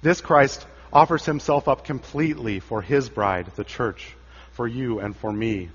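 A man preaching a sermon, dramatic, rising loud for quoted cries and dropping low and quiet for solemn lines. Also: a little slow, breathy edge. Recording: dull sound with long church reverb.

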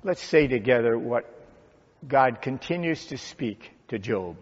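Slow, expressive pastor preaching in a church. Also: male voice, mid-range voice. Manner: slow, dramatic pauses and swelling emphasis. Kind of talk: sermon. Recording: dull sound with long church reverb.

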